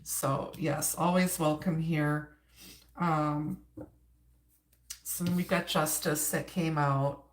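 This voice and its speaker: A woman's voice: low-pitched, steady tone, slow pace, pauses often, slight background noise. A woman with an Upper Midwest accent giving a chatty live-stream tarot reading, greeting viewers and laughing between cards. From Wisconsin, United States. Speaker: tarot reader. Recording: roomy echo.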